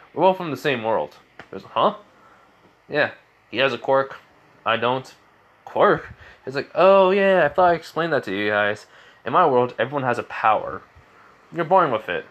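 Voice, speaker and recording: A young man narrates an improvised fan story, full of fillers, restarts and half-voiced quotes. His voice is bright and forward. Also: medium pitch.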